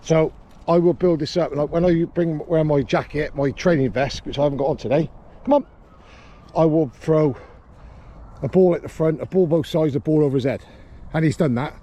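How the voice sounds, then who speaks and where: A man, a dog trainer, calmly explaining a training session on an outdoor grass field. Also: a little high, moderate pace. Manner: calm explaining, with sharp shouted commands to a dog.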